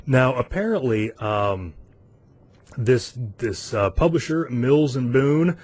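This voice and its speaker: A man's voice: mid-range voice, lively intonation, slow, darkish tone. A man in his forties from the United States, hosting a podcast in a casual, self-amused chat with frequent fillers and chuckles. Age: 40s. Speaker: podcast host.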